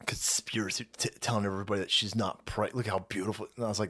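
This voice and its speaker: A man's voice: on the low side, flat delivery, fast, few pauses, sharp tone, breathy edge. A man hosting a livestream, thanking chat by name and ranting in a foul-mouthed, mocking way, laughing often. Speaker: livestream host reading chat.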